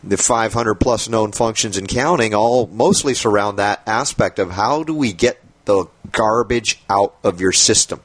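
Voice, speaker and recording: A man's voice: lowish voice, unhurried, few pauses, no echo. A man hosting a radio health talk show, talking casually and animatedly, laughing often.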